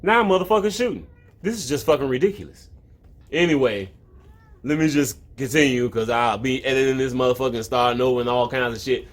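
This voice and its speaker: A man rambles at home in loose, comedic commentary, full of swearing. He keeps losing his thread and drifting off-topic. His voice sits at an ordinary middle pitch. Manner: loose, rambling, heavy swearing, often interrupted. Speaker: online video host. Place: at home, with a cat in the room.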